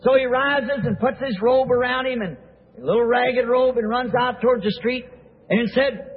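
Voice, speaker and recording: A man's voice: very high-pitched, steady tone, moderate pace, breathy edge. A man preaching a sermon, retelling the story with vivid detail and frequent restarts, on a tinny, echoey old recording.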